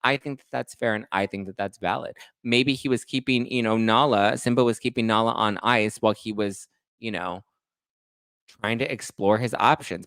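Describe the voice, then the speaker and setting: A man with a mid-range voice runs a casual gossip podcast. His delivery is animated and sarcastic, and he jumps into mocking high voices when he quotes people. The sound is dry and close, with no room behind him. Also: normal speed, smooth, dry recording. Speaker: podcast host.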